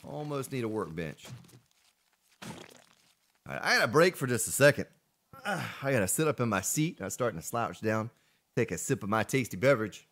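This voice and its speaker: A man's voice: mid-range voice, big pitch swings, normal speed, long pauses, fairly bright tone. A man streaming a survival game, chatting casually with viewers and greeting them by name. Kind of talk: casual gameplay commentary.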